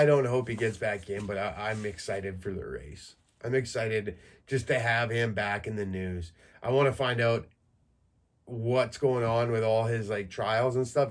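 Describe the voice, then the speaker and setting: Crude rambling man in his thirties. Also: lowish voice. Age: 30s. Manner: crude, rambling, jokey with frequent fillers. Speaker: podcast host. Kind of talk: solo casual monologue.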